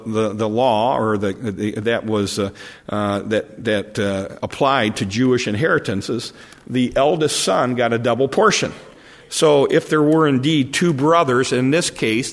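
Gravelly male preacher in a reverberant hall. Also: mid-range voice. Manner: halting, repeats words often, conversational. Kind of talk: sermon.

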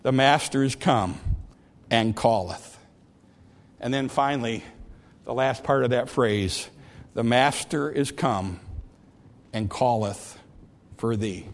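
A man preaching a sermon, swinging from loud, ringing calls to hushed, quiet lines. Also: medium pitch, slow pace, long pauses.

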